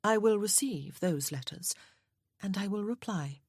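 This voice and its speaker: A woman reading as a reserved, tender mature woman who speaks hesitantly and softly, slightly husky. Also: mid-range voice, lively intonation, measured pace, no room sound, studio quality, voice pushed up. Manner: hesitant, soft.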